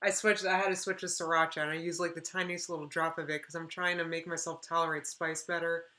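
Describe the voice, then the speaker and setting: Lower-voiced woman reacting on stream. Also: level tone, quick pace, sharp tone. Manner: chatty, supportive, apologetic asides. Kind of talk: casual reaction commentary.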